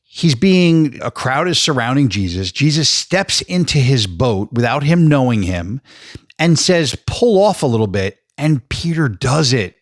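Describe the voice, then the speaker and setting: A man co-hosts a casual podcast chat, telling Bible stories with lively acted-out quotes. His voice sits at a middle pitch and sounds dry and close, with no room echo. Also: measured pace. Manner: storytelling, acting out quoted lines. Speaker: podcast co-host.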